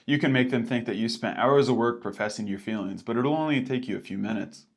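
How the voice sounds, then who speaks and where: A man co-hosting a poetry lesson with wry asides, reading verse slowly and deliberately. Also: mid-range voice, gravelly. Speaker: co-host. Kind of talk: scripted educational banter.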